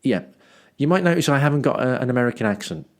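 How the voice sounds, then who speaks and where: A man's voice: medium pitch, lively intonation, fast talker. A man from Dudley reading his travel journal aloud as a podcast host, with wry self-mocking asides and rambling ums and restarts. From Dudley, England.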